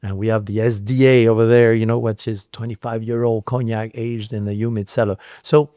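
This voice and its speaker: Middle-aged French-accented man, low voice. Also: little pitch movement, fairly quick, warm tone, dry recording, clean studio sound. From France. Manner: many restarts and fillers, storytelling. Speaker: guest, spirits producer. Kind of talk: casual interview chat.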